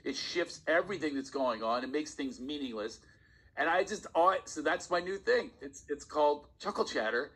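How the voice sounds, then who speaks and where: Man, husky voice, comedian guest, animated storytelling, laughs mid-sentence. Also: on the high side, normal speed, rough recording. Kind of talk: casual podcast storytelling.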